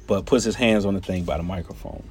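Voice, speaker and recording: A man telling a personal story in an animated, conversational way, often turning to his listeners with "right?" and "y'all". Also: sits low, fast talker, soft background music.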